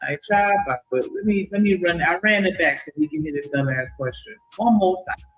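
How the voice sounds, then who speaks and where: A man's voice: sits high, a little fast, a bit bright, faint music behind. Scoffing man in an echoey room. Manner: exasperated, scoffing. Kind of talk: casual reaction chat.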